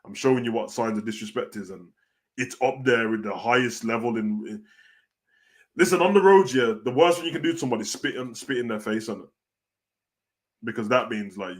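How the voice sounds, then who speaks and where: British man, slangy wrestling reaction host. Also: lowish voice. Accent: British (London street slang). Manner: animated, slangy, peppers every line with "bro". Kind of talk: casual reaction commentary.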